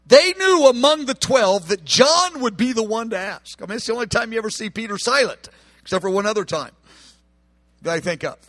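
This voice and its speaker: Male preacher, high voice, bright tone, impassioned sermon, dry close sound. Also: lively intonation, fairly quick, dry recording. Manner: impassioned, acts out quoted voices, swings from hushed to shouting.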